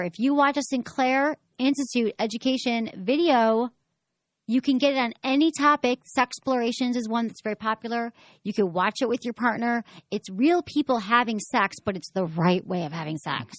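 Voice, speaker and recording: A woman hosts a sex advice show, talking frankly and chattily and slipping into the voices of people she quotes. Her voice sits a little high. The studio sound is dry and close. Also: no echo. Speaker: sex advice podcast host. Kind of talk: casual frank chat.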